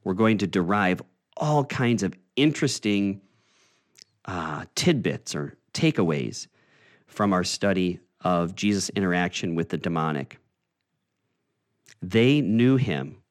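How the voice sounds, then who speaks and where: A man teaching a Bible study in a conversational, explaining way, often pausing with "uh" and restarting phrases. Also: sits low, expressive.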